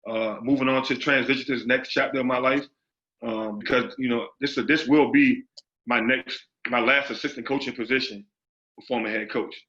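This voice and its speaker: Bright-voiced emphatic male coach. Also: mid-range voice, fairly even intonation, moderate pace. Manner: emphatic, repeats phrases, street slang. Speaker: associate head basketball coach. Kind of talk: interview answers. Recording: dull lo-fi audio.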